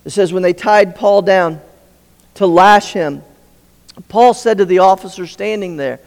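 A male pastor preaches in a storytelling manner, stopping to put questions to his listeners. His voice is fairly high and gravelly. The sound rings with a long reverb from a large hall. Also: measured pace. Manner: storytelling, asks the audience questions. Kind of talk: sermon.

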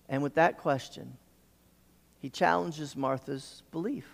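A man delivering a sermon in a somewhat high voice, repeating words and stumbling into restarts as he presses his point. His voice carries a long reverb, as in a large sanctuary. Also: measured pace, gravelly. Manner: repeats words and stammers on restarts, building emphasis. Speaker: pastor.

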